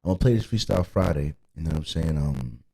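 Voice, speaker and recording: Deep husky Detroit man rambling on a podcast. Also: fast talker, low-quality recording. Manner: animated, swears freely, repeats "you know what I mean". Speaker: podcast host. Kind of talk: casual podcast monologue.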